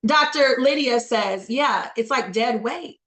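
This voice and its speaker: A woman coaching in network marketing gives a motivational training talk in a high, bright voice, speaking slowly in an echoey space. Like a preacher, she calls on listeners by name and poses rhetorical questions.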